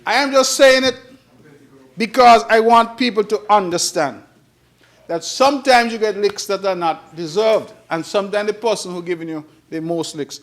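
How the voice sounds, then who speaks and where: High-pitched Nevisian male politician, emphatic parliamentary oratory, repeats his lines for effect. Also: moderate pace, a bit bright. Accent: Kittitian-Nevisian. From Saint Kitts and Nevis. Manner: emphatic, repetitive oratory with rising and falling delivery. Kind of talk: parliamentary speech. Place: parliament chamber.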